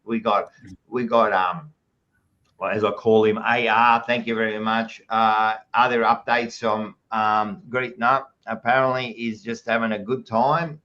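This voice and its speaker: A man's voice: lowish voice, fairly bright tone, muffled recording. An Australian man hosting a podcast, chatting casually and reading out live chat messages with jokey, blokey banter, calling everyone mate. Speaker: podcast host.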